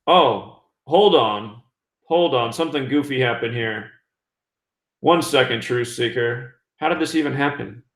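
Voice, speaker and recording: A man's voice: medium pitch, measured pace, a bit bright. A man hosting a call-in internet radio show, talking casually and chattily to listeners and callers. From US West Coast. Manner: chatty, talks through technical trouble aloud. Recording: echoey room.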